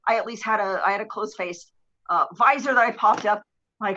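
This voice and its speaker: Animated storyteller woman, lo-fi stream. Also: a little high, fairly quick. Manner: animated, swears casually, acts out voices. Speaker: guest. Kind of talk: casual storytelling. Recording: dull lo-fi stream audio.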